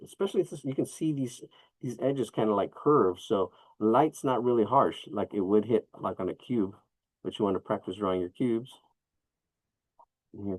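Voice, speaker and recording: A man with a low, gravelly voice leads a drawing class, talking his students through each mark as he shades. His delivery is relaxed and chatty, with coaching asides. The sound is close and dry. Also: no room sound, low-quality recording. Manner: relaxed, talks while sketching, coaching asides. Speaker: drawing teacher. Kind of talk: live drawing lesson.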